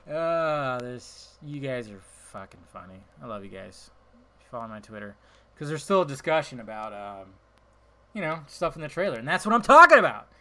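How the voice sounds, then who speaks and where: Bright, brash-voiced man podcasting solo. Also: medium pitch, normal speed, long pauses. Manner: profane, blunt and excitable, swinging between loud and mumbled. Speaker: podcast host. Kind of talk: casual solo podcast talk.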